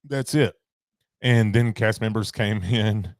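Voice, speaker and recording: Deep-voiced man in laid-back chat. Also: takes it slowly, dry recording, clean studio sound. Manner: relaxed, rambling, lots of fillers. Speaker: podcast co-host. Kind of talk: casual chat.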